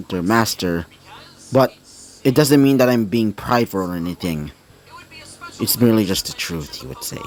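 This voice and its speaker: A man narrating an improvised fan-fiction story, rambling with many fillers. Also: mid-range voice.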